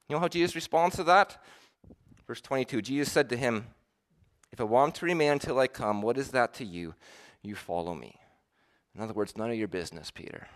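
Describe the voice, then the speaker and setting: A male pastor preaching a sermon, swinging between emphatic declarations and hushed, quiet lines, acting out quoted voices with a rising pitch. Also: quick pace.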